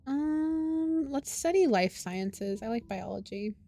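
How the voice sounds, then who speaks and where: A woman's voice: medium pitch, normal speed, a little mellow, soft background music. A woman streamer reading a story game aloud and reacting with sighs, groans and swearing. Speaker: VTuber streamer.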